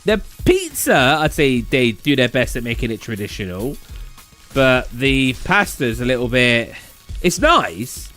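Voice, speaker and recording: A man's voice: mid-range voice, sing-song, measured pace, bright, forceful tone, soft background music. A man with a southern English accent, rambling casually as a gaming streamer who answers his chat.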